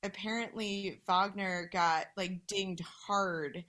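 A woman's voice: medium pitch, fairly even intonation, fairly bright tone. A woman chatting as a guest on a podcast, blunt and emphatic and swearing freely. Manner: blunt and profane, quick and emphatic. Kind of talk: casual podcast chat.

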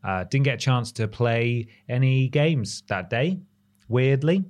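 A man co-hosting a gaming podcast, telling stories in a jokey, animated way. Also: mid-range voice, measured pace. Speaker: podcast co-host. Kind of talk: casual chat.

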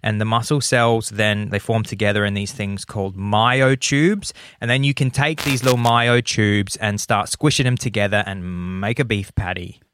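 A man's voice: on the low side, steady tone, moderate pace, few pauses, a bit bright, clear, resonant tone, no echo. A man co-hosting a casual podcast, jokey and explaining topics at length with frequent restarts. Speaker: podcast co-host. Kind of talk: casual chat.

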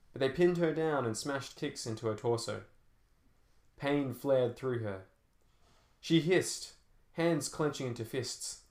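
A man reading a novel aloud in a measured, dramatic storytelling manner. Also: medium pitch. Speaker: narrator. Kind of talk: scripted audiobook narration. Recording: roomy echo.

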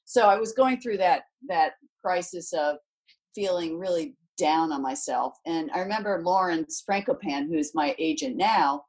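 A woman's voice: lowish voice, measured pace, poor audio. A woman in her sixties, a former athlete and sports commentator, telling stories in a casual interview and acting out quotes. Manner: animated storytelling, acts out quotes in other voices. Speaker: guest, former tennis champion and commentator.

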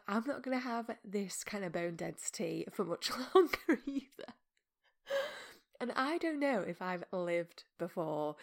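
Gravelly-voiced woman, softly half-whispering. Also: mid-range voice. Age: 30s. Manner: soft, often half-whispered, self-mocking. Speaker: podcast host. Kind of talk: casual podcast monologue.

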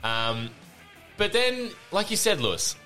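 A man co-hosting a casual podcast about a film, excitable, swearing and laughing often. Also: sits high, takes it slowly, soft background music. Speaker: podcast co-host. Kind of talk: casual film-review chat.

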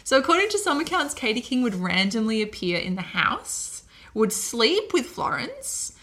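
A woman hosts a relaxed conversation, walking her co-host through an old story. Her voice is bright and a little high, and she talks loosely, with fillers and quick laughs. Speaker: podcast host telling a history story. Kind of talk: casual storytelling chat.

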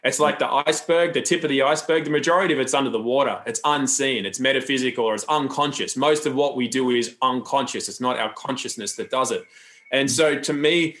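A man's voice: mid-range voice, quick pace, a bit bright. A man talking as a podcast guest, loose and rambling, with frequent restarts and asides. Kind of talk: casual interview talk.

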